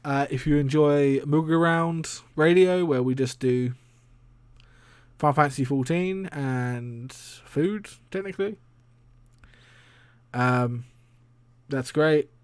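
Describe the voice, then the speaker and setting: Chatty, rambling man with a higher voice. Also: slow, long pauses, smooth, no room sound. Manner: rambling and chatty, laughs often, swears casually. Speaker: streamer and podcast host. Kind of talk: casual solo stream talk.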